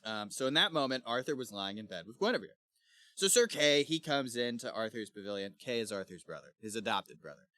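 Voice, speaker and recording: A man's voice: mid-range voice, fairly quick, no echo. Guy on a book podcast, chatty retelling, swears a lot, dry close mic. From Missouri, USA. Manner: animated retelling with playful character voices and swearing. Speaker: podcast co-host. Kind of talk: casual book club chat, retelling the story.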